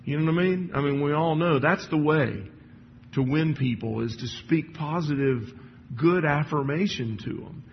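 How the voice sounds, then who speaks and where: A man's voice: a little high, normal speed, creaky, a little hiss or hum. A man giving a sermon in a church, talking conversationally with many restarts and fillers. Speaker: church speaker. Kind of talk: sermon with read passages. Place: church hall. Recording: dull sound with long hall reverb.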